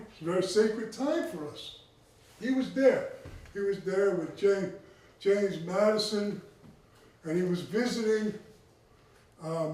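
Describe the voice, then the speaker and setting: A man's voice: high voice, warm tone. A man who is a tribal chief giving a conversational talk, often checking in with his listeners. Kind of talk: conversational lecture. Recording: echoey room, mic far off.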